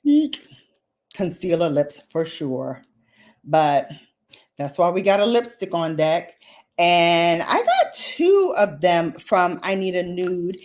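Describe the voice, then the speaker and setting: A woman with a lowish voice chats her way through a makeup tutorial, unhurried and playful. She drops slangy asides to her viewers as she works. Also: big pitch swings, darkish tone. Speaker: beauty vlogger. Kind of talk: casual makeup demo chat.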